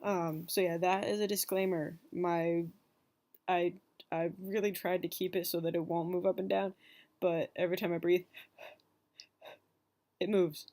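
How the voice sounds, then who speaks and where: A young woman with a Southern Californian accent reads an accent-tag word list from bed, recorded on her laptop's microphone at home. She speaks unhurriedly in a lowish, mellow, fairly flat voice with frequent pauses, giggling and chatting with lots of filler words.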